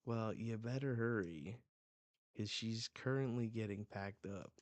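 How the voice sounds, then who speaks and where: A man hosting a live manga reading reaction, reading panels aloud with excited outbursts. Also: fairly low pitch, unhurried, no room sound.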